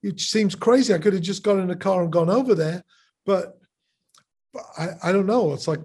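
A man's voice: sits high, moderate pace, a little mellow, husky. A middle-aged man and musician speaking as a podcast guest over a video call, reflective, often restarting and repeating words. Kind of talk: casual conversational interview.

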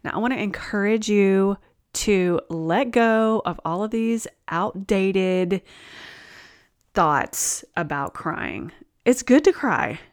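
A woman's voice: mid-range voice, lively intonation, slow. A woman hosting a wellness video, giving an encouraging talk to the camera in an enthusiastic, reassuring way and laughing between points.

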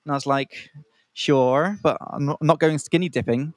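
On a podcast for people learning English, an Australian co-host in his youth rambles through a story at a moderate pace, his voice sitting on the high side. He explains slang as he goes and imitates other voices, and the recording is dry.

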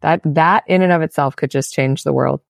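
Deep-voiced woman host, enthusiastic; dry sound. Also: brisk, creaky, no echo. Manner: warmly enthusiastic, exclaiming agreement. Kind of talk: casual interview chat.

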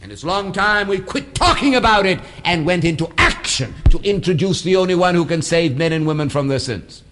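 A man's voice: sits high, animated, fairly quick, a bit bright, slight background noise. A man preaching a sermon in a church, building emphasis through repeated phrases. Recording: long hall reverb.

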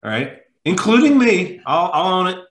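Bright-voiced man telling a lively story. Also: high voice, moderate pace, reverberant. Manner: lively, emphatic, acts out quotes. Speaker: mental toughness coach, podcast guest. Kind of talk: animated anecdotal storytelling.

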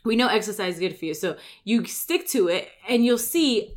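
A woman's voice: medium pitch, big pitch swings. A woman who runs a gym, giving a casual motivational talk full of "like" and "right?" and acting out everyday complaints. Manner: chatty, fills with "like" and "right?"; acts out everyday complaints in quick asides. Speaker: gym owner and coach.

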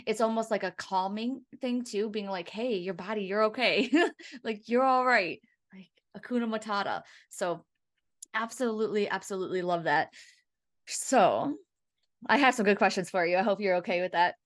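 A woman hosting a podcast in casual chat, chatty and quick to laugh, with animated asides. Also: mid-range voice. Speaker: podcast host.

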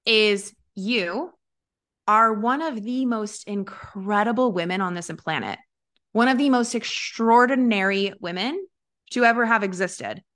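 A woman coach talks straight to her listeners in a loose, chatty way. She laughs often and fills her talk with fillers and restarts, at a middle pitch for a woman. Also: measured pace, fairly bright tone. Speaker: business coach and podcast host. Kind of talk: casual motivational talk to an audience.

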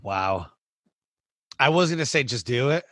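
A man's voice: mid-range voice, expressive, measured pace, a bit bright, dry recording. A man who hosts a podcast and coaches, chatting in a rambling way, full of "like" and restarts. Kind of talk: casual interview chat.

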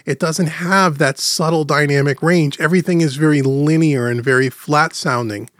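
A man hosting a podcast, explaining things to beginners in a chatty way and slowing down to stress key points, into a studio microphone. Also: on the high side, fairly even intonation, a bit bright, no echo. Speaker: podcast host teaching audio mixing. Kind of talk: casual podcast teaching. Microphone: studio microphone through gentle compression.

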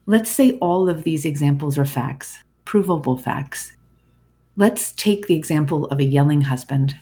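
Gravelly, husky self-help podcast host. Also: mid-range voice, moderate pace. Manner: calm, reflective, addresses listener directly. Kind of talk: scripted self-help monologue.

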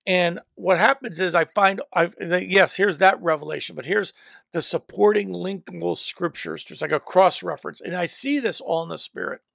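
A man's voice: high-pitched, moderate pace, vocal fry, fairly bright tone, no echo, studio quality. A man preaching a teaching sermon, emphatic, often repeating and restarting phrases as he works through a point. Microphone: microphone.

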